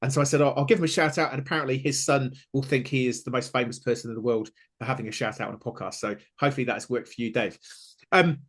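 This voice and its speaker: A man's voice: medium pitch, steady tone, fast talker. Upbeat New man hosting a podcast. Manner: chatty, upbeat, many fillers and restarts. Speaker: podcast host. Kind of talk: casual interview chat.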